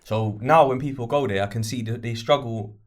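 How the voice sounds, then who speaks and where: Animated podcast host. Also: male voice, mid-range voice, a little fast. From London, England. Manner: animated, slang-heavy, breaks things down, interjects often. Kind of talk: casual chat.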